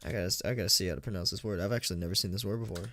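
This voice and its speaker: Reading a horror story live on stream from home, a man with a low, sharp-toned voice races along, stumbling over words and laughing at his own slips. He mocks himself cheerfully and chats with donors, thanking them between passages.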